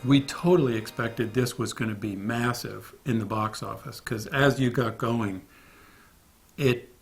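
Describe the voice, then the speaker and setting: A man recalls his days on a film set in a relaxed interview. He tells it as a lively anecdote, bouncing into other people's voices as he quotes them, with his own voice sitting at an ordinary mid pitch. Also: a little slow, creaky, faint music behind. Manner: animated storyteller acting out quoted voices. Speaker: film crew member recalling a production.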